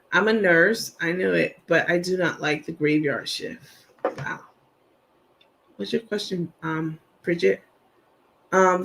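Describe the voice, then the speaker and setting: A man's voice: high voice, gravelly, a bit bright. A man hosting a casual livestream, chatting loosely and reading viewer comments aloud with plenty of fillers. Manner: chatty, rambling, many fillers. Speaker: livestream host.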